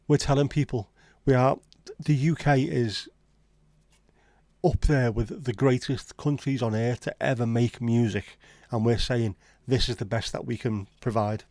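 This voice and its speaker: A man's voice: mid-range voice, a little mellow, dry recording. A man with a Scouse accent hosting a livestream, chatting casually and answering viewers in blunt, sweary banter. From Liverpool, England. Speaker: livestream host. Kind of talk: casual chat reading live comments.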